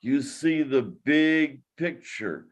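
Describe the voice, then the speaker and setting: A man hosting a podcast, asking his guest questions in a deliberate, admiring way. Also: a little high. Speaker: podcast host. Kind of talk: interview.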